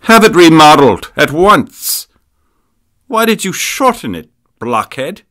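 A man voicing an imperious dying old aunt who gives orders in a weak, hushed near-whisper. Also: a little high, very animated, unhurried, voice pushed up. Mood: angry.

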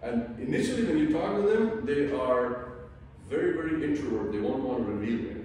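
A man's voice: mid-range voice, brisk, slight background noise. Man talking from far off in an echoey hall. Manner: animated, acts out quoted family members. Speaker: imam. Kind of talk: parenting class talk.

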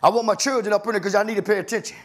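Pastor guy preaching, real high voice, fired up, half shouting half singing, keeps saying "my god". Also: fairly even intonation, rapid-fire. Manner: impassioned preaching, rising into shouts and sung phrases; colloquial, repeats "my God" as a refrain. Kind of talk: preaching a sermon.

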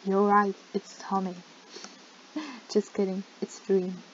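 A woman giving playful let's-play gaming commentary with sudden loud outbursts, her voice cracking. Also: mid-range voice, takes it slowly. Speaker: gaming YouTuber. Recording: slightly dull lo-fi mic with faint noise.

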